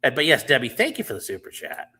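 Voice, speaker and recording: A man's voice: medium pitch, wildly swooping pitch, quick pace, sharp tone. A man hosting a livestream in a loose, rambling chat with viewers, full of fillers and casual swearing. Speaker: livestream host.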